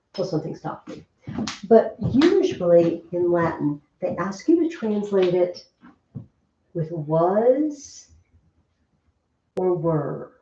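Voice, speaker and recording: Lively woman teaching in an echoey classroom. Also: lowish voice, creaky. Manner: lively, chatty teacher asking the class questions. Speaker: Latin teacher. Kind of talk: classroom lesson. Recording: distant, roomy, dull classroom recording.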